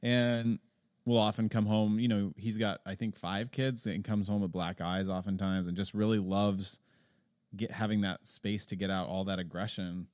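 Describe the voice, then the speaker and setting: A man in his forties hosting a casual podcast chat, halting and restarting often, quick to laugh. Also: fairly low pitch, fairly even intonation, a little mellow, no room sound, clean studio sound. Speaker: podcast host.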